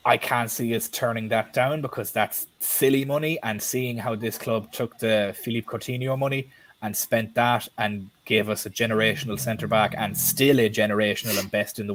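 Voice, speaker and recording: A man's voice: fairly low pitch, normal speed. A man co-hosting a live stream, chatting bluntly and casually and swearing now and then.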